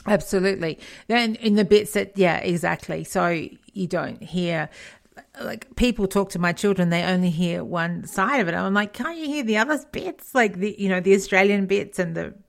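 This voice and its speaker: A middle-aged woman talking casually as a guest, telling lively stories with hesitant restarts. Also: fairly low pitch, moderate pace, creaky. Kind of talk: casual conversation.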